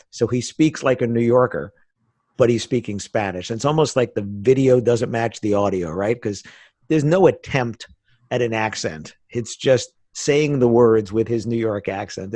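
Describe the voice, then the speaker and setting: A man's voice: medium pitch, darkish tone, no room sound. A middle-aged American man from the United States, a podcast guest chatting casually and telling stories with frequent laughs. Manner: chatty storyteller, laughs often.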